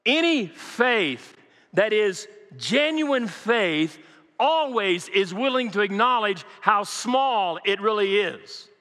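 An older male pastor preaching with a high, bright voice that rings through a church hall. He fires rhetorical questions at the congregation and repeats his key lines. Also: animated, slow. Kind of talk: sermon. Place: church sanctuary.

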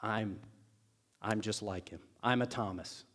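A man's voice: fairly low pitch, measured pace, fairly bright tone. Give me a man giving a sermon casually as a storyteller, voicing the people in it. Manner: conversational storytelling, acts out quotes. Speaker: pastor.

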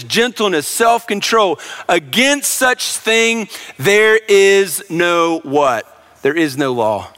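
A man's voice: sits high, sharp tone. A man preaching a sermon as pastor, earnest, with rhetorical questions and repeated calls to listen.

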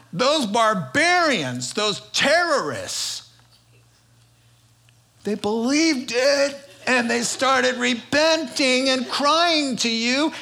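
A man's voice: sits high, voice pushed up. A man preacher voicing a sulking, indignant grown male prophet who protests in a whiny, exasperated way.

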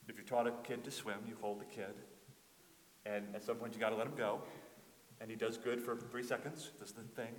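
A man preaching a sermon as a pastor, building emphatic rhetorical lists and dropping to soft asides. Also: medium pitch, big-room sound.

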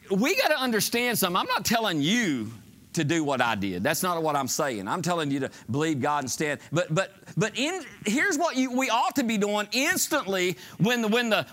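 A middle-aged man preaching a sermon in church, telling folksy stories and building to shouted exhortations. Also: high voice. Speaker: pastor. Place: church sanctuary.

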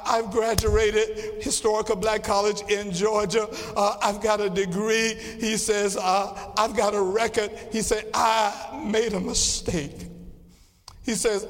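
A man preaching a sermon as pastor, with a rhythmic delivery that swings from quiet passages to shouts. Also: high voice. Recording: long reverb of a large hall.

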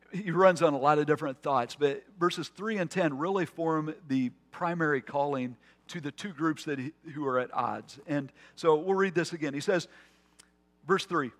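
A man's voice: fairly high pitch, a bit bright. A man preaching a conversational sermon as pastor, with asides and restarts. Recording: long hall reverb.

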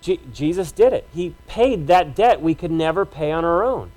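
A man's voice: fairly high pitch, lively intonation, normal speed, darkish tone, rough recording. A man pastor preaching a sermon, conversational and emphatic, stacking repeated phrases to drive his points home.

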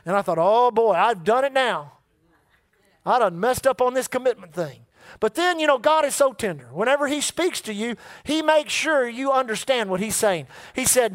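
A middle-aged preacher delivers a folksy sermon, repeating himself and calling on the congregation to answer. His voice sits very high for a man. The sound is dry and close, with no room echo. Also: lively intonation, brisk, a bit bright.

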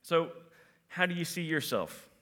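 Animated preacher with a bright voice. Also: male voice, a little high, a little slow. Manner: animated, acts out quotes in different voices; shifts between loud emphasis and quiet reflection. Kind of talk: sermon.

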